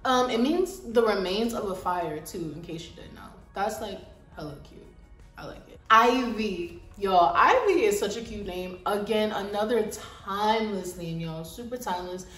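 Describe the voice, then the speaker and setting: A woman's voice: mid-range voice, animated, moderate pace, a bit bright, recorded from a distance. A woman chatting animatedly and slangily to her viewers in a casual vlog. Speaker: mom vlogger. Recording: echoey room, voice a bit off-mic, light music.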